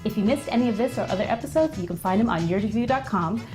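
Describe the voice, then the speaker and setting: A woman's voice: mid-range voice, animated, rapid-fire. A woman hosting a cooking show in a studio kitchen, upbeat and encouraging as she wraps up. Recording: with music playing behind.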